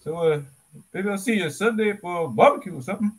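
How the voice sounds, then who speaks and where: A man voicing an excitable, chatty male talking donkey in a fan dub of an animated film, rambling eagerly and bursting into shouts. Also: sits high, fast, husky.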